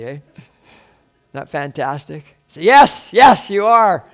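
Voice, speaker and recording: A man delivering a sermon from the pulpit, his raised voice carrying a gravelly edge. He keeps breaking into exclamations and throwing rhetorical questions at the congregation, marveling aloud as he goes. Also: high voice, very animated, slow pace. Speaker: pastor.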